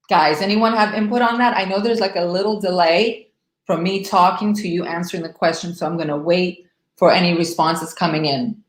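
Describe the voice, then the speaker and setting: A woman's voice: fairly low pitch, reverberant, poor audio. Emphatic woman hosting a live stream. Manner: emphatic, animated, talks straight to her viewers. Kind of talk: live stream talk to viewers.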